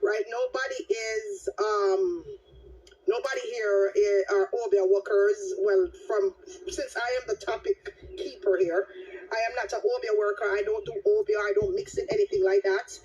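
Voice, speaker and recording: A woman hosting a casual livestream chat, telling her story with lively, dramatic exclamations. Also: medium pitch, moderate pace, breathy edge, highs cut off. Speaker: livestream host. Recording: distant mic with background noise.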